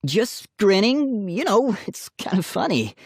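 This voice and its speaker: A man's voice: high voice, very animated, a little slow, husky, no room sound, clean studio sound, pitched above the performer's own voice, exaggerated voice. A man doing a smirking bully boy, raised and drawn out. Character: big rude teenage boy cousin, mocking bully. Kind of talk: audiobook character voice.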